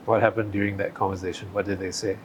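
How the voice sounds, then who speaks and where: A man's voice: fairly low pitch, flat delivery, quick pace, slight background noise, low-quality recording. A man interviewing an athlete, asking brief, prompting questions.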